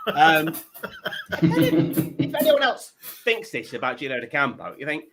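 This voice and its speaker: A man's voice: fairly high pitch, wildly swooping pitch, a little slow, a bit bright, slight background noise. A man hosting a comedy panel show, telling rambling self-deprecating stories full of stammered restarts.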